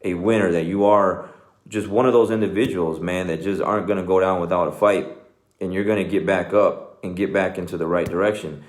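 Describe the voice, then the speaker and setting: Middle-aged Texan man, deep voice, earnest coach giving a motivational talk, recorded in a reverberant room. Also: steady tone, a little fast. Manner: earnest, conversational, says "man" and "okay" often. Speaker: jiu-jitsu coach, show host.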